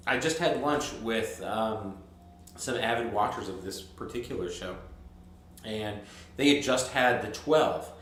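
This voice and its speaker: A man's voice: fairly low pitch, expressive, unhurried, fairly bright tone. A man co-hosting a whisky review, chatting casually and trading playful jokes. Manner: joking, playful banter. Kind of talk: casual chat. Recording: very echoey room with faint noise.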